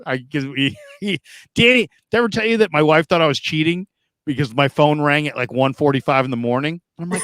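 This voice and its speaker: A man's voice: fairly high pitch, fast, a bit bright, clear, resonant tone, no echo, clean studio sound. A man hosting a casual show, telling stories, laughing often and reading viewer comments aloud. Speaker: host.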